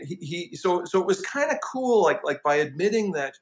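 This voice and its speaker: A middle-aged man, a composer, telling stories in a casual interview, self-deprecating and halting, with many restarts. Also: high voice, big pitch swings. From Canada. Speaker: film and TV composer, guest.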